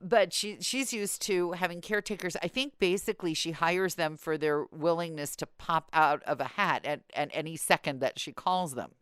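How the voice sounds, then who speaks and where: A woman's voice: fairly low pitch, moderate pace, hardly any pauses, fairly bright tone, clear, resonant tone, no echo, studio quality. A woman hosting a podcast in casual chat, telling wry stories and acting out quotes. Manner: wry, storytelling with acted-out quotes. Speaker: podcast host.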